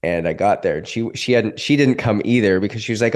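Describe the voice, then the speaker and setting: A man's voice: lowish voice, quick pace. A man in his thirties, a podcast guest, telling a personal story with feeling and acting out the voices of others. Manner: emotional, animated storytelling with acted quotes. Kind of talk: storytelling in an interview.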